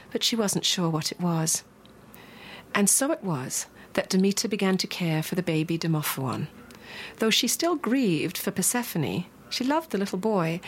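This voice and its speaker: Breathy woman telling a myth. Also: lowish voice. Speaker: storyteller. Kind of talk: myth storytelling.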